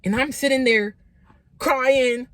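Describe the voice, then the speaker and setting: A woman with a fairly high voice tells a story to her viewers in a casual vlog. She is animated, sprinkles in "like" constantly and acts out the dialogue. The sound is dry and close to the mic. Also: slow pace, no echo. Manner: animated, lots of "like", acts out quotes. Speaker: vlogger telling a story.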